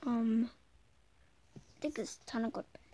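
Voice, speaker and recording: A high-voiced woman tells a homemade story in a playful way. She voices every figure herself and barks for the dog. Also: steady tone, moderate pace, warm tone. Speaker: video creator.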